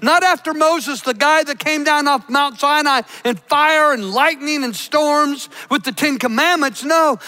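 A man preaching a sermon, emphatic, slowing down to stress key words. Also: very high voice, sharp tone. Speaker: pastor. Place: church.

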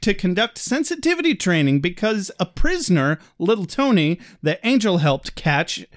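A man co-hosting a podcast in casual chat, joking and rambling through quick recaps. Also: high voice, sing-song. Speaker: podcast co-host.

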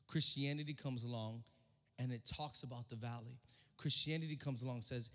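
A young man preaching a sermon as pastor, speaking in casual slang and repeating phrases, swinging between hushed and shouted delivery. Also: mid-range voice, fairly even intonation, fairly quick. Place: church hall. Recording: long hall reverb.

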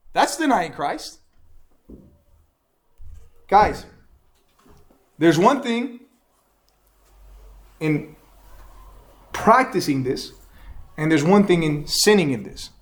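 A man with a high voice teaching a Bible class. He talks with animation and keeps firing questions at his listeners. He asks them to answer back as he explains each verse.

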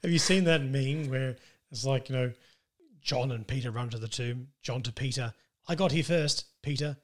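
An interviewer in a casual conversation, encouraging the guest with quick affirmations and laughter. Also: medium pitch, fairly even intonation.

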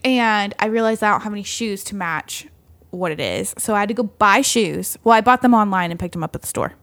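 A young woman casually telling a dating story on a podcast, animated, laughing often and acting out what others said. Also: medium pitch, fairly quick, no room sound. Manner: animated, laughs often, acts out quoted voices. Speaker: podcast co-host.

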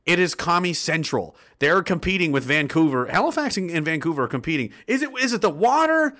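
Guy from nova scotia ranting on a livestream, bright lively voice, sarcastic and swears a lot. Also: fairly high pitch, fairly quick. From Nova Scotia, Canada. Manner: sarcastic, animated, swears, laughs often. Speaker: livestream host reading chat. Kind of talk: casual rant reading viewer comments.

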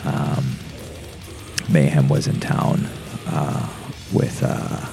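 A man's voice: rumbling low, little pitch movement, extremely slow, vocal fry, over music. A young man, a guest on a podcast, telling a rambling, profane story with many fillers. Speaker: podcast guest, metal musician. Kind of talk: casual storytelling.

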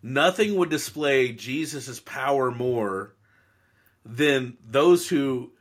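A man co-hosting a casual Bible discussion podcast, lively and joking, acting out quoted lines. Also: mid-range voice, slow. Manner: animated, jokey, acts out quotes. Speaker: podcast co-host.

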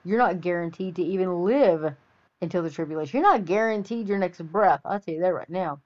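A woman's voice: lowish voice, a little fast, darkish tone. Lady host, folksy and preachy, keeps urging folks, kinda dull lo-fi sound. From Texas Panhandle. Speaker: podcast host. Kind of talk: opinionated monologue to listeners. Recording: dull lo-fi audio.

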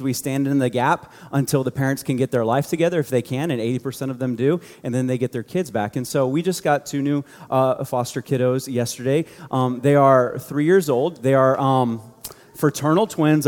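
A man's voice: mid-range voice, moderate pace, a little mellow. A man preaching a sermon to a youth group, conversational and joking as he tells a story. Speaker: youth pastor. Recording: long hall reverb.

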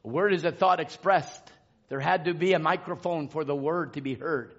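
A man preaching a sermon in drawn-out emphatic phrases, rising to shouts and dropping to hushed asides. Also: a little high, lively intonation. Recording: dull lo-fi sermon recording.

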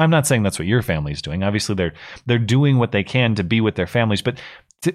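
A man in his thirties hosting a live call-in stream, giving blunt, opinionated commentary with frequent restarts. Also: medium pitch. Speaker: call-in show host.

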